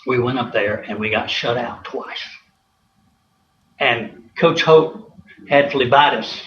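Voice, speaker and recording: A former college athlete rambles through anecdotes in a casual storytelling interview, full of fillers and chuckles. His voice is medium-pitched and a bit bright, and he speaks slowly. The recording sounds roomy and slightly dull, with a faint hiss.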